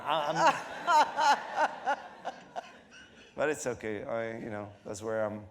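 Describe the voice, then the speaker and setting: Laughing French-accented man, animated storyteller. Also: high-pitched. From Morocco. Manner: laughing often, acting out quoted voices, halting with fillers. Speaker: comedian guest. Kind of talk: live on-stage interview.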